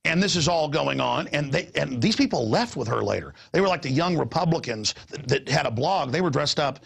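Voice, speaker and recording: A middle-aged male host with a gravelly, husky voice that sits a bit high for a man. He rambles excitedly, stumbling over and repeating his words as he chats with a guest. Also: brisk. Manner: excitable, repeats words, jumps between pitches. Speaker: talk show host. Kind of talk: animated rambling talk-show chat.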